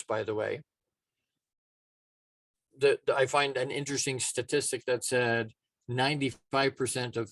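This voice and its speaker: A man's voice: medium pitch, a bit bright, no echo. A man giving a motivational talk as a life coach, casual and emphatic, often restarting his sentences.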